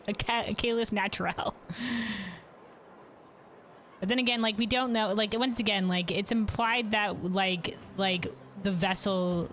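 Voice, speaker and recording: A woman's voice: medium pitch, a bit bright, a little hiss or hum. A woman streamer giving casual gameplay commentary in a rambling, self-correcting way.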